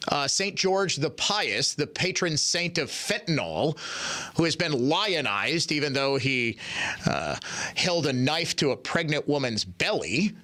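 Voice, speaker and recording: A man's voice: a little high, very animated, unhurried, sharp tone. A middle-aged man hosting a political talk radio show, delivering a sardonic monologue with mocking asides and reading listener messages aloud.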